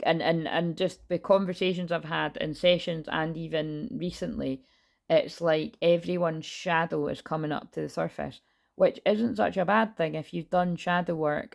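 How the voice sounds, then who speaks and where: A woman giving a chatty tarot reading, loud and swearing freely, recorded on a camera mic with no lapel mic. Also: sits low, gravelly. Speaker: tarot reader. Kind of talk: casual tarot reading monologue. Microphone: built-in camera mic, no lapel.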